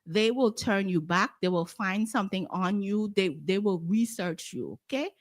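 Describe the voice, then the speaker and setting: A woman's voice: mid-range voice, normal speed, dry recording, clean studio sound. A woman with a Guyanese accent, telling a story in casual talk and acting out the voices of the people in it. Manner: animated, acts out quoted voices. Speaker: guest.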